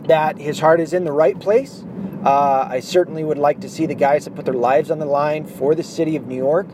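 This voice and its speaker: Heated, profane ranting man, noisy recording. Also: on the high side. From Michigan, USA. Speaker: commentary host. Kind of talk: ranting political commentary.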